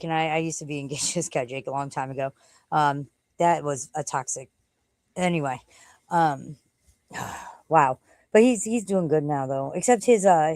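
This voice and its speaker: Chatty, rambling woman with a low voice. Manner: chatty, rambling, swears casually. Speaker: livestream host. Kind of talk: casual rambling livestream chat. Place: at home, walking out to the backyard.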